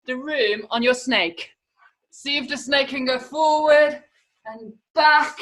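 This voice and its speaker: Taking it slowly, a high, bright-voiced children's acrobatics teacher encourages kids through an online movement class. She counts, calls out the moves, and makes animal sounds, teaching by video from a room at home. The room echoes and she's far from the microphone.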